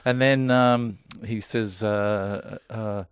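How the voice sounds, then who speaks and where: A man hosting a show, telling a story in a casual, halting way with lots of restarts and an amused edge. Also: on the low side, steady tone, smooth, no room sound.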